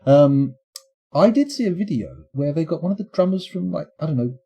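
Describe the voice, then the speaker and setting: A man's voice: on the high side, lively intonation, normal speed, vocal fry, warm tone, husky. A man streaming a game live, rambling and playful as he thinks aloud.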